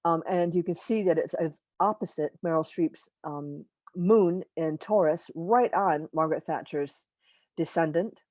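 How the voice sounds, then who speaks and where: A woman with a low, mellow voice gives an informal astrology lecture over a video call. She speaks haltingly, pausing often and correcting herself mid-sentence. The sound is dry and close. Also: dry recording. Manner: halting, frequent pauses and self-corrections; opinionated asides. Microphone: computer mic on a video call.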